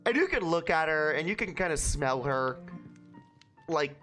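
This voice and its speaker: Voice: medium pitch, expressive, normal speed, fairly bright tone, faint music behind. A young adult streamer from Brooklyn, New York, telling rambling, profane stories to chat in a casual way. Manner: profane, rambling anecdotes with frequent restarts.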